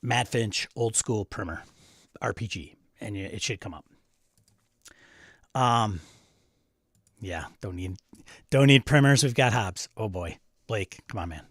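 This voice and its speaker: A man with a Wisconsin accent hosting a casual livestream and answering viewer chat aloud with quick, animated asides. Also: fairly low pitch, slightly rough, no echo, clean studio sound. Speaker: host.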